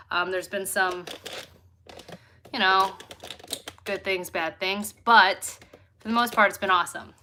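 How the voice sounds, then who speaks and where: A woman's voice: mid-range voice, bright, forceful tone, a little hiss or hum. A woman chatting casually and candidly to her viewers at home, filming herself on a phone set on a tripod. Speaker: lifestyle vlogger. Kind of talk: casual chat to camera.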